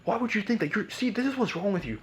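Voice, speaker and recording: Guy doing his enraged dad, voice jumps way up high, yelling and bossy. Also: lively intonation, fast, slight background noise. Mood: indignant. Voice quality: shrill yelling, strained. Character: furious shouting middle-aged father.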